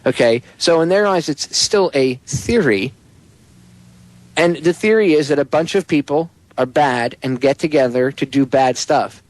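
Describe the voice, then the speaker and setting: Fired up guy host ranting on talk radio, kinda high voice, dry close sound. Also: a little slow, dry recording, low-quality recording. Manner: ranting, emphatic, profane, sarcastic. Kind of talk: casual talk radio chat.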